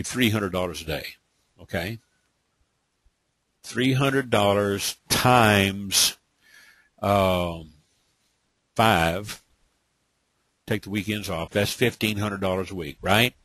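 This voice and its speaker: Man, low husky voice, blunt emphatic webinar trainer, dry close mic. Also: slow, pauses often, fairly bright tone, dry recording. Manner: blunt, emphatic, talks in bursts with frequent "okay?". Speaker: online business trainer.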